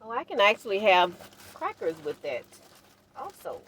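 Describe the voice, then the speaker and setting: An older woman talking casually to her viewers while cooking in her van, unhurried and encouraging. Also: medium pitch, very animated, fairly bright tone, slight background noise. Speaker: van life vlogger. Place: inside a parked van.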